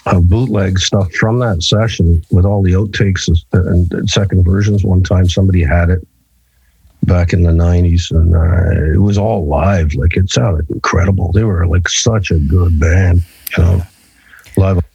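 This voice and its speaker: A man's voice: deep voice, steady tone, moderate pace, gravelly, warm tone, breathy edge, no echo, dull audio. A man, a musician guest chatting casually and rambling with many fillers. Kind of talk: casual chat.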